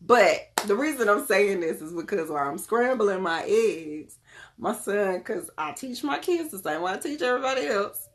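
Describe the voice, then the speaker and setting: A woman chatting casually and directly to her viewers, lively and often laughing as she talks. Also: medium pitch, normal speed. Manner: talks straight to the audience. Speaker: wellness vlogger.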